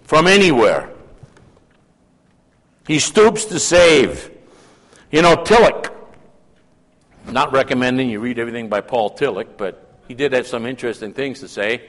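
A man preaching a sermon, swinging between loud emphatic calls and hushed asides. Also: mid-range voice, lively intonation, unhurried, long pauses. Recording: long hall reverb.

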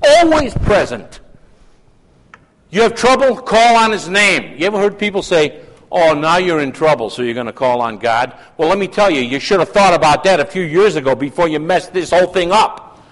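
Emphatic preacher in a reverberant hall. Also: male voice, fairly high pitch, lively intonation, a little fast. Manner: dramatic, swings between loud emphatic calls and hushed asides. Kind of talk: sermon.

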